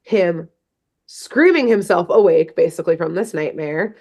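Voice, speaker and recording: A woman's voice: fairly low pitch, expressive, normal speed, a little mellow. A woman co-hosting a podcast, casually recapping a cartoon episode in a rambling way, filling her talk with "like" and "um". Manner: rambling, full of "like" and fillers; laughs at her own jokes. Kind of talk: casual chat.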